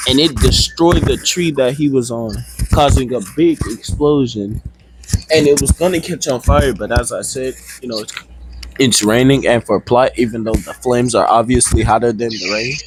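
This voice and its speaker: A man improvising a role-play fight story in a rambling, casual way, with swearing, in a noisy recording. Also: medium pitch.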